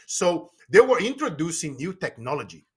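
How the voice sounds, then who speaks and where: A man from Brazil with a Brazilian accent, a podcast guest telling stories in an animated, emphatic way and often laughing. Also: a little high, normal speed, husky. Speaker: podcast guest, business coach. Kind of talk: casual storytelling conversation.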